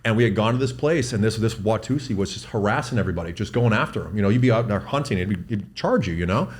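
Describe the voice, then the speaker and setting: A middle-aged guest doctor with a fairly low voice tells a hunting story in casual conversation. He talks fast and swears freely, tripping over repeated words when he gets excited.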